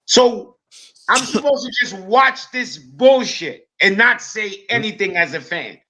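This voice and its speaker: Brief: combative football pundit, high voice, bright and cutting, swears constantly. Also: male voice, a little slow. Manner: loud, profane, combative. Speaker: football panel regular. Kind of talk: heated football panel chat.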